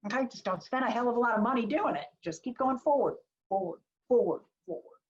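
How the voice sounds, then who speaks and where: She talks fast in a slightly high, expressive voice, a small business marketing advisor running a blunt, chatty webinar over video call with plenty of jokes and asides. The recording sounds dull and lo-fi.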